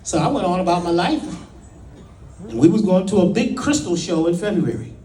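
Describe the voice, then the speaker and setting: A middle-aged man with a high voice that swings widely as he tells a story in a folksy, dramatic way. He stretches out his pauses for effect. His voice sits back from the mic in an echoey room. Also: animated, mellow, distant mic. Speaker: spiritual speaker. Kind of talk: personal storytelling talk.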